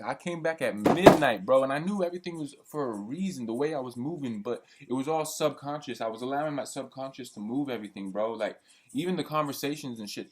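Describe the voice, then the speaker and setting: A young man ranting in a heated, profane, rambling monologue. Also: medium pitch. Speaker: vlogger. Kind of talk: venting monologue.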